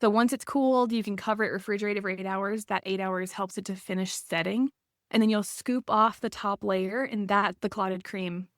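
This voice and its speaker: A woman's voice: medium pitch, fairly even intonation, moderate pace, no echo, studio quality. A woman co-hosting a podcast in casual chat, laughing often and talking with lots of fillers. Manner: chatty, laughs often, many likes and fillers. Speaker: podcast co-host.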